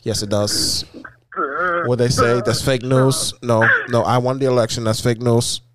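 A man doing a comedic impression of a boastful older ex-president, rambling through absurd claims in a deadpan way. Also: mid-range voice, normal speed, a loud crowd, lightly acted.

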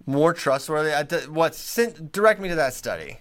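A man hosting a casual podcast in a slightly higher-than-average voice. He talks in a dry, sarcastic way and plays up his exasperation with his guests. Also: big pitch swings, normal speed, fairly bright tone. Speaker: podcast host. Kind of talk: casual chat.

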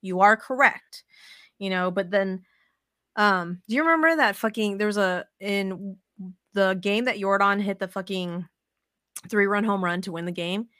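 A woman's voice: mid-range voice, normal speed, dry recording. This young woman hosts a laid-back podcast chat in a mid-range voice. She rants freely, swears often and acts out what she told herself. The sound is close and dry. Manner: animated, swears a lot, acts out her own quoted thoughts. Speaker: podcast host.

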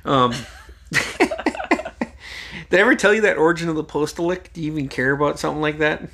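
Gravelly-voiced man for a casual podcast chat, rambling, profane storyteller. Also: fairly high pitch, moderate pace. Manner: profane, rambling, lively anecdotal delivery.

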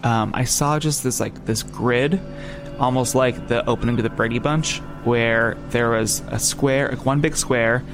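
A man's voice: mid-range voice, steady tone, unhurried, over music. A man with a New Jersey accent telling a story in casual chat, rambling with many fillers and restarts. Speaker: podcast guest.

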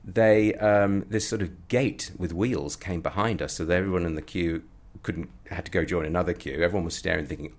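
Very low male voice, anecdotal storytelling, animated. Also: brisk, few pauses. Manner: animated storyteller, acting out voices with rising pitch. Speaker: comedy performer and guest.

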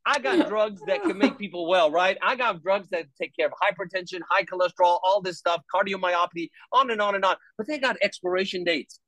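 A man with a high-pitched voice talks about faith with preacherly energy, jumping into acted-out voices and scripture quotes. The sound is dry and close. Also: fairly quick, hardly any pauses, no room sound, low-quality recording. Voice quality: animated, preacherly, acts out voices. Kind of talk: faith-based conversation.

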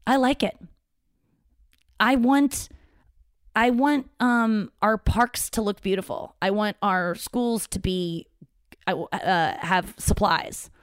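A woman's voice: mid-range voice, fairly even intonation, takes it slowly, pauses often, no room sound. A woman hosting her own show, talking casually and candidly in a rambling monologue, swearing freely and often restarting her sentences. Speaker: podcast host.

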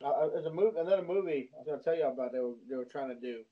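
A man in a casual chat with friends, stumbling over his words and swearing. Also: a little high. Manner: halting, restarts and swears. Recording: dull lo-fi audio.

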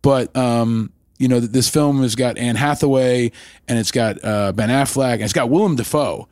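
A man's voice: medium pitch, moderate pace, darkish tone, dry recording. Effusive interviewing man. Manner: effusive, long rambling questions. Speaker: host.

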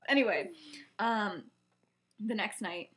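A woman's voice: mid-range voice, animated, slow pace, a bit bright, a little hiss or hum. Chatty young woman retelling a story. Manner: chatty, many fillers, acts out quotes. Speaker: podcast co-host. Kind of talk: casual storytelling retelling a fanfic.

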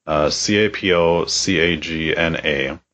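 A man's voice: very deep voice, steady tone, a little slow, fairly bright tone. A man co-hosting a podcast, chatting casually and bluntly with a lot of swearing. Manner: profane, blunt. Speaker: podcast co-host.

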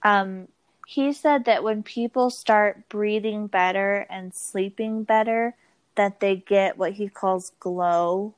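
A woman co-hosting a casual podcast as a therapist, unhurried and friendly, chiming in with short remarks. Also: mid-range voice, clear, resonant tone. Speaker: podcast co-host, myofunctional therapist.

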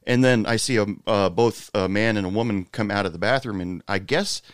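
A man chatting casually about his bartending days, pausing often with fillers. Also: fairly low pitch, smooth, dry recording, clean studio sound. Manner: hesitant, many fillers, laughs easily. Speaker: former bartender. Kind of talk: casual chat.

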